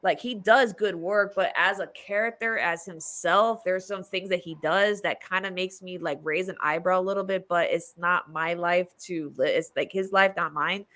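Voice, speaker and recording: A woman's voice: on the low side, steady tone, normal speed, hardly any pauses, a bit bright. A woman hosting a podcast, chatting casually and rambling through a movie review, laughing often. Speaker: podcast host.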